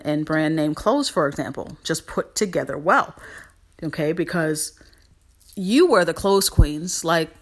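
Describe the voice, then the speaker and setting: A woman hosting a podcast in a casual motivational monologue, animated and emphatic, repeating phrases for emphasis. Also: mid-range voice. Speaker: podcast host.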